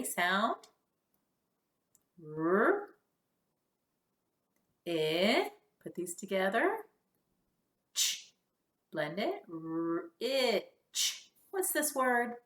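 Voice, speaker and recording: A woman teaching a kindergarten phonics lesson, sounding out letters slowly and cheering the children on. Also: mid-range voice, echoey room. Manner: slow, exaggerated sound-by-sound modeling with lively praise.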